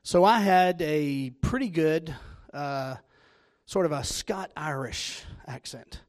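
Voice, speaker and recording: Preaching a sermon in a Southern US accent, a man tells jokey, self-deprecating stories. His voice sits on the high side, and he speaks slowly.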